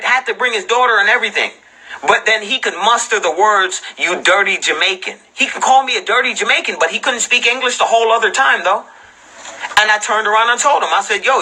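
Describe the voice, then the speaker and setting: A man rants into his livestream mic, combative and profane, hammering his listeners with rhetorical questions. His voice sits high for a man and sounds husky, with a piercingly bright, cutting edge. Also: poor audio. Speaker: livestream host. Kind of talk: ranting livestream commentary.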